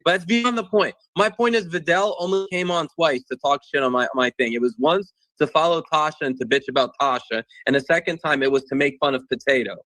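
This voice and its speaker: A man's voice: on the high side, fairly quick, few pauses, a bit bright, no room sound, low-quality recording. A man on a call arguing heatedly and insistently, swearing freely as he makes his point. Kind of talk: heated casual argument.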